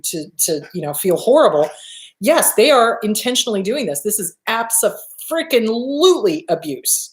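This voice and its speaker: Woman host, mid pitch, blunt and emphatic, casual swearing, live Q&A advice talk, echoey room. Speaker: host answering viewer questions. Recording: roomy echo.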